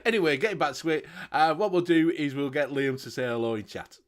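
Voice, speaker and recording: A man's voice: fairly high pitch, fast talker. A man from the United Kingdom hosting a casual chat show, exasperated and swearing a lot. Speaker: host.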